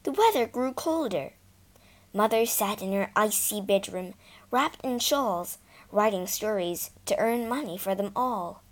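A woman narrating a children's storybook slowly and expressively. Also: medium pitch. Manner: slow and expressive.

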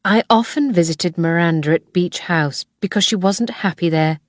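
A woman's voice: fairly low pitch, moderate pace, dry recording, clean studio sound, natural voice. A woman voicing a friendly young aunt who teaches, in a storybook reading. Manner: friendly and eager.

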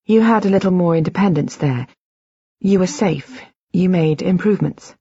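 A woman reading the part of a calm, careful male doctor who explains things patiently. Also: fairly low pitch, moderate pace, husky, dry recording, dull audio. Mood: explaining.

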